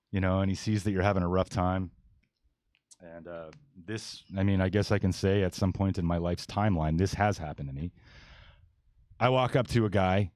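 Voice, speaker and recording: A podcast host in his forties, with a very low and slightly mellow voice, leads a casual discussion. He's blunt and meandering, restarting sentences and piling on fillers, and the sound is close and dry with no room around it.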